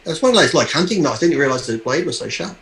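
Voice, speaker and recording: A man's voice: a little high, sing-song, rapid-fire, fairly bright tone. Man telling a crude story, roomy sound. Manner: blunt, swears often, laughs through his story. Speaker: podcast guest.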